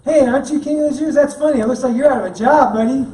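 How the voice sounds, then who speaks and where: A man's voice: very high voice, moderate pace, dark tone, voice pushed up. A man voicing a mocking foreign wise man teasing a king, in a sermon. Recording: echoey room, mic at a distance.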